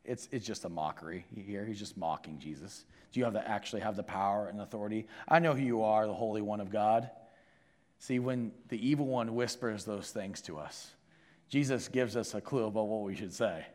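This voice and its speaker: A man preaching a sermon to a congregation, shifting between loud emphasis and hushed intensity. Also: fairly low pitch, a little fast. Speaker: pastor. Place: church sanctuary with congregation. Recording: long hall reverb from a sanctuary.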